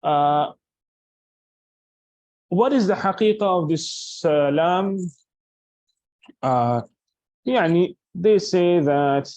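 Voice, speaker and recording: Dark-voiced male grammar teacher. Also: mid-range voice, no room sound, dull audio. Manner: explains patiently, restating points with frequent examples. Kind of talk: explanatory lecture.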